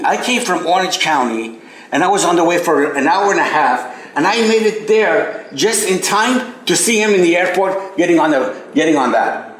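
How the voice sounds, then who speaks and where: Hesitant man telling a heartfelt story. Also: moderate pace. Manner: hesitant, full of restarts, grows animated and high when amazed. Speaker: devotee sharing memories. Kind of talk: personal storytelling to a group. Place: meeting room at a spiritual center. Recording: echoey room recording.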